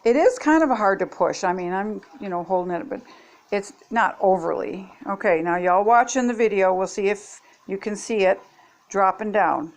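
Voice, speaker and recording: A woman's voice: medium pitch, animated, moderate pace. Chatty older woman demoing kitchen gadgets. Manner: chatty, homey, talks to viewers while demonstrating. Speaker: product-testing vlogger. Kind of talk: casual kitchen product demo.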